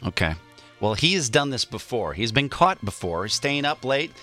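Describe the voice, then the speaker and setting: Lively, bright-voiced man telling a story. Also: medium pitch, moderate pace, soft background music. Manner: animated storytelling, acting out quotes. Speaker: radio show co-host. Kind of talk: morning radio banter.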